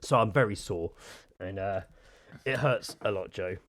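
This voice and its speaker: A man's voice: lowish voice, a little slow. Sweary man telling a story. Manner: swears a lot, animated storytelling. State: sore from gardening. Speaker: podcast co-host. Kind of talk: casual chat.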